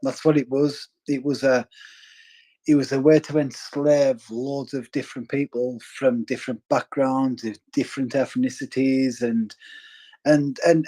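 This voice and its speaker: A man's voice: mid-range voice, mellow, poor audio. A man with a Cumbrian accent from northwest England, speaking bluntly and earnestly as a caller, swearing casually. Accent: Cumbrian English. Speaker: caller in a live audio space. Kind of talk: casual chat.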